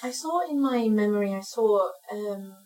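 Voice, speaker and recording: A woman's voice: medium pitch, expressive, moderate pace, darkish tone. A woman playing her character in a tabletop game, hesitant and stammering, heard on a distant mic with faint music. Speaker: player.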